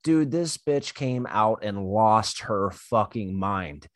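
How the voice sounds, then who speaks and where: Dude telling a crazy tree job story, cusses constantly, laughs a bunch, does voices for people, dry room sound. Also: male voice, lowish voice, animated, slow, no echo. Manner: swears a lot, laughs often, acts out quotes. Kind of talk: casual storytelling chat.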